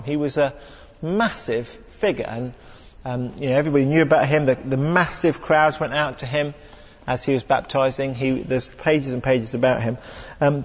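A man's voice: on the high side, slightly rough, big-room sound, dull audio. A man preaching a conversational sermon, acting out little exchanges with humor and fillers. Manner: conversational, animated when acting out exchanges, self-deprecating humor.

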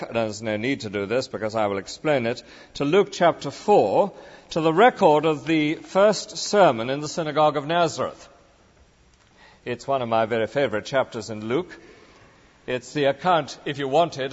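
Preacher in a reverberant church. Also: male voice, a little high. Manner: measured, emphatic, lecturing. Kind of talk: sermon. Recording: dull lo-fi recording with long reverb.

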